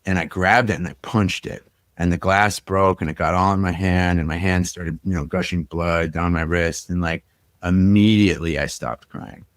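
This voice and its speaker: A man's voice: low voice, steady tone, moderate pace, no room sound, clean studio sound. A young adult man from Minnesota, a podcast guest reflectively telling his personal story with frequent fillers.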